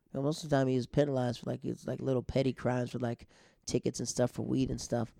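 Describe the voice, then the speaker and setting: A man's voice: mid-range voice, level tone, fast, vocal fry, warm tone, no echo, studio quality. A man casually telling a long personal story, rambling and conversational, with frequent fillers and restarts.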